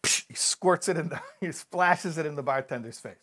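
A man giving a measured, reflective talk about recovery, mixing in stories and jokes. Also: fairly high pitch, fairly bright tone. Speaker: recovery speaker.

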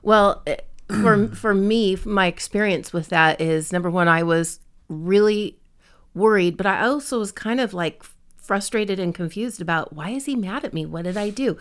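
A woman's voice: mid-range voice, moderate pace, smooth. A woman chatting casually with her husband, often agreeing with him. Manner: agreeing, affirming.

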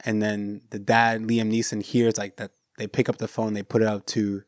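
A man's voice: lowish voice, moderate pace, no echo, studio quality. A man with an American accent, a podcast host chatting casually and retelling a film scene, acting out the lines. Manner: animated retelling, acts out movie lines. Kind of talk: casual chat.

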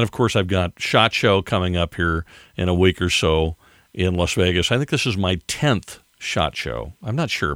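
Older man, low rambling podcast voice. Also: a bit bright, dry recording, clean studio sound. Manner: rambling, chuckling asides. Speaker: podcast host. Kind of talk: casual monologue.

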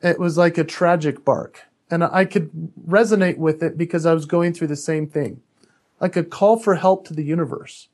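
Earnest man with a higher voice. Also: steady tone, normal speed, darkish tone. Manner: earnest and candid, with frequent restarts. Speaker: podcast guest, author and speaker. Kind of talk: personal storytelling in a podcast interview.

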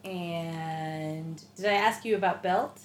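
A woman's voice: lowish voice, slow. Woman, lesson host, chatty questioner, echoey room. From United States. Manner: chatty, asks short prompt questions. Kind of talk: casual language lesson. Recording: echoey room with faint noise.

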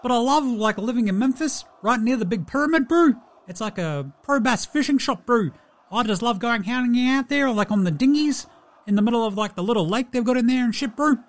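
A man's voice: extremely high pitch, animated, brisk, pitched above the performer's own voice. A man putting on a laid-back young New Zealand basketball player with an exaggerated New Zealand accent, drawling and tacking "Brew" and "eh" onto every phrase. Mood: chatty.

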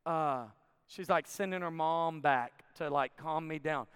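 A man in his forties from Arkansas preaching a sermon, telling a story with animated bursts of shouting and then dropping to a quiet, intense tone. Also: fairly high pitch, a little slow, clear, resonant tone. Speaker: camp preacher. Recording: long hall reverb.

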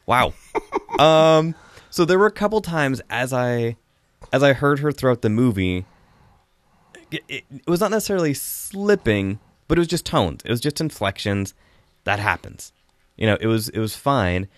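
A man's voice: medium pitch, very animated, moderate pace, dry recording. A man hosting a casual podcast chat, reviewing a film in a rambling, chatty way with frequent laughs.

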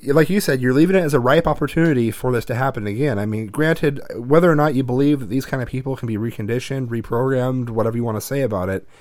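A man's voice: medium pitch, quick pace, hardly any pauses, darkish tone, no room sound, clean studio sound. A man in his thirties hosting a podcast, talking bluntly and profanely in casual chat, rambling with restarts. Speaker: podcast host.

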